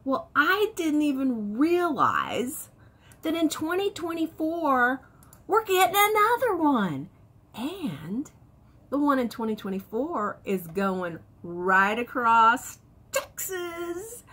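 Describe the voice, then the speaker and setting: A woman in her fifties chatting to camera in a casual vlog, telling stories with excitement. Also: sits high, husky. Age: 50s. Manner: excitable, animated storytelling with laughs. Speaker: vlogger.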